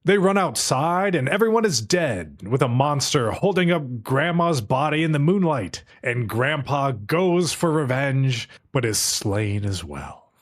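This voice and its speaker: A man's voice: mid-range voice, big pitch swings, a little slow. A man on a podcast giving a casual, step-by-step recap of an anime episode. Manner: narrates the plot, acting out short character quotes. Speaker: podcast co-host.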